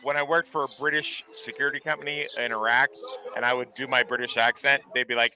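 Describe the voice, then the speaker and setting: A man on a movie panel chatting casually, halting and stammering as he tells things. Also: medium pitch, flat delivery, crowd noise. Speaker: podcast panelist. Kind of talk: casual watch-along chat.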